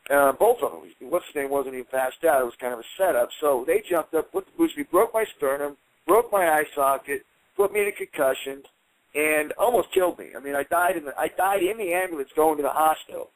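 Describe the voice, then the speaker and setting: A man's voice: a little high, brisk, no room sound, poor audio. A man in his forties, an interview guest and former fighter, telling a heated story and acting out what people said. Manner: animated, heated retelling with acted-out quotes.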